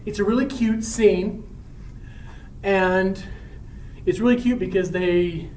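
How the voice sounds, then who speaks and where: A man's voice: sits high, slow, recorded from a distance, a little hiss or hum. Chatty man retelling a story, echoey. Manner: chatty, slangy, animated. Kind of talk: casual retelling of a classic play.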